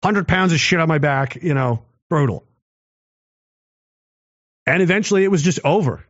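A man's voice: a little high, animated, moderate pace, dry recording. A man in his thirties telling a war story in a casual, profane, rambling way, mocking himself and reading comments from chat. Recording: dull lo-fi dry sound.

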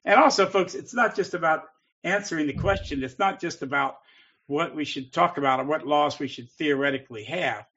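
A man's voice: on the high side, fairly quick, pushed and bright, husky. A man co-hosting a call-in show, talking in an emphatic, heated, repetitive way. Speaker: co-host. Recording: dull lo-fi audio.

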